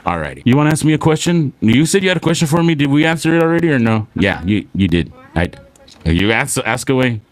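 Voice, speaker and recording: A young man from South Texas with a slight twang, hosting a casual live show and reading out viewer shout-outs. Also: mid-range voice, very animated, fast. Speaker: show host.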